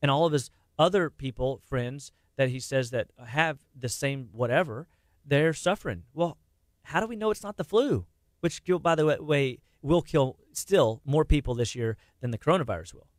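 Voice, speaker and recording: A middle-aged man talking casually about health on a radio show, animated and quick, with many restarts and repeated words. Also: medium pitch, no echo, studio quality.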